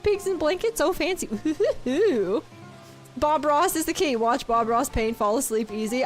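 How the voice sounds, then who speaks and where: A woman streaming a game, chatting casually and giggling as she reads chat aloud. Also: high voice.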